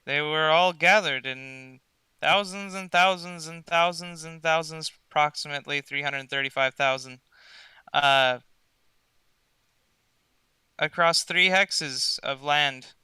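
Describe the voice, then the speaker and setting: A man narrating as game master, asking dry, deadpan questions. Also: on the high side, slow pace, clear, resonant tone, no echo.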